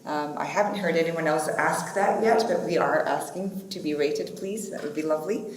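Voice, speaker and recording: In an echoey conference hall with faint noise, a woman whose voice sits low runs a panel at a moderate pace, keeping things chatty and informal and full of fillers.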